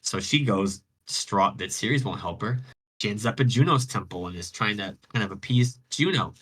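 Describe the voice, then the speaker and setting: A man hosting a radio show retells a myth over online voice chat, rambling and slangy with many restarts. His voice is on the low side, expressive and fairly bright, at a normal speed, and the recording quality is low.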